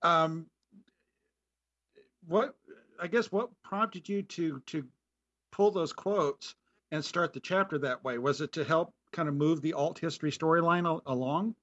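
A man's voice: fairly high pitch, a little slow, long pauses, a bit bright. Thoughtful male co-host, lo-fi. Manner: conversational, thoughtful questions. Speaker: podcast co-host. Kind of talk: podcast interview. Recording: dull lo-fi sound.

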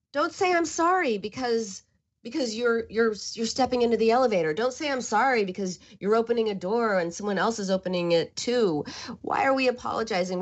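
A woman's voice: medium pitch, lo-fi sound. A woman hosting a call-in radio show, talking earnestly and conversationally with some restarts.

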